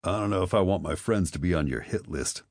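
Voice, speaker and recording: A man's voice: deep voice, lively intonation, fast, no echo. A man reading an audiobook, voicing an easygoing man who teases with amused kindness. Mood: teasing. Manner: teasing, amused. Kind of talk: audiobook character voice.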